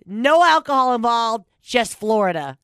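A woman hosting a podcast, telling stories in casual chat with a lot of swearing, big swings in pitch and frequent laughter. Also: sing-song, unhurried, fairly bright tone, smooth, no echo, studio quality. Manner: storytelling, reads news aloud with commentary. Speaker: podcast host.

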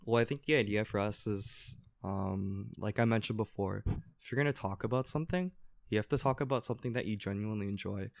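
A young man chatting casually as a podcast guest, animated and slangy with lots of fillers. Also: on the low side, fairly quick, gravelly, no room sound, clean studio sound. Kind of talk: casual chat.

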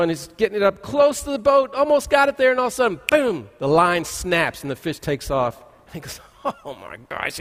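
A man, a pastor, preaching a conversational sermon in a church sanctuary, telling folksy stories with frequent "uh" restarts. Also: high voice. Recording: long reverb of a large church hall.

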